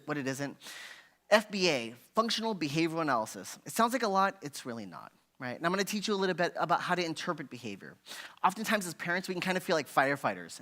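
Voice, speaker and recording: A man's voice: on the high side, sharp tone. A man giving a parenting workshop in a conversational teaching style, often checking in with "right?" and briefly acting out frustrated parents. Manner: conversational, constantly asking "right?"; acts out frustrated parents in a raised voice. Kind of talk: parent education talk. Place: church hall.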